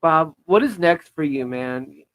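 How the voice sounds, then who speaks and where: A man's voice: a little high, animated, a little slow, a bit bright, no room sound, poor audio. A man hosting a talk show, chatting casually and tossing in teasing, joking remarks. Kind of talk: casual chat.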